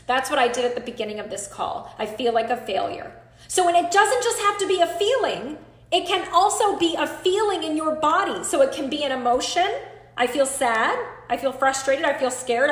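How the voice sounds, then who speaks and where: High-voiced woman coaching a group. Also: animated, brisk, reverberant. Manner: earnest, emphatic, talks straight to the group. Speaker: coach leading an online class. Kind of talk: live group coaching call.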